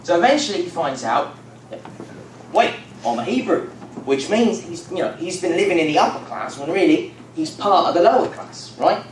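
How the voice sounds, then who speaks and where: A man's voice: fairly high pitch, expressive, normal speed. A young man retelling a Bible story to a youth group in a casual, rambling, joking way with lots of fillers. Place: church youth room. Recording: echoey room from far off, noisy.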